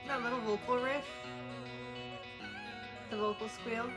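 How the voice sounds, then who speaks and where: A woman's voice: on the high side, steady tone, unhurried, over loud music. Gushing woman reacting to a song. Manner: gushing, rambling, heavy use of "like". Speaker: music reaction creator. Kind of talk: casual music reaction commentary. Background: faint song playing.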